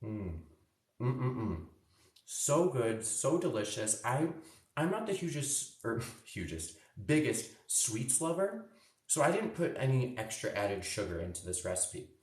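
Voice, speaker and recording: A man with a mid-range voice, big pitch swings, and an unhurried pace teaches a live cooking demo for kids. Cheerful and chatty, he tastes food as he talks, and the distant mic picks up a roomy echo.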